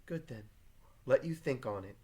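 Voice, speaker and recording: A man voicing Elizabeth Proctor, a reserved farm wife, read quietly and plainly from a play. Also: medium pitch, expressive, normal speed, breathy edge. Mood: guarded. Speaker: teacher reading a play aloud. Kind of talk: reading play aloud to a class.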